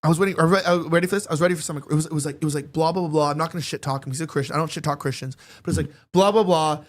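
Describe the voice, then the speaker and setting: A man with a notably high-pitched voice talking in casual podcast banter. He rambles in an animated way, leaning on filler words and slipping into quick laughs as he goes. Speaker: podcast panelist.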